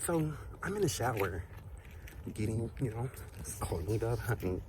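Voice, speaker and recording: A man's voice: fairly low pitch, sing-song, a little slow, noisy background. A young man vlogger telling a casual storytime while walking outdoors, sassy and chatty with asides to his viewers.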